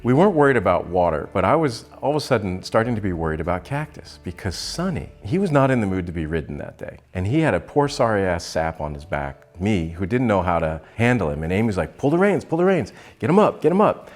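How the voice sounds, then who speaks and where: A middle-aged man from Arizona hosting a comic storytelling vlog, animated, conversational and often laughing. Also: low-pitched, quick pace, hardly any pauses. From Arizona, USA. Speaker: host.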